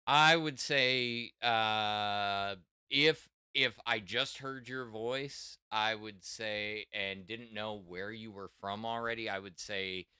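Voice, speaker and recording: A man with a Wisconsin accent softened by Texas hosts a casual livestream, speaking slowly and haltingly. His voice is bright and smooth. The sound is dry and close. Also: on the low side, fairly even intonation, dry recording. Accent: Wisconsin mixed with Texas. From Wisconsin, US Midwest. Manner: slow, halting, hesitant with many restarts. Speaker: stream host reading donations.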